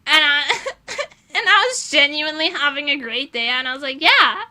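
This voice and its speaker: A woman's voice: high voice, lively intonation, normal speed, sharp tone. A young woman streamer chatting casually, rambling, swearing and laughing often. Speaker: vtuber streamer. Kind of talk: casual chat.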